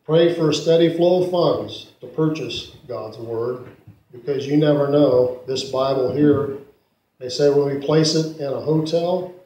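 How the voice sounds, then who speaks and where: A man preaching a sermon and telling stories, dramatically swinging from loud peaks to hushed asides. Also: mid-range voice. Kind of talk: sermon storytelling. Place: church sanctuary. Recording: echoey church room.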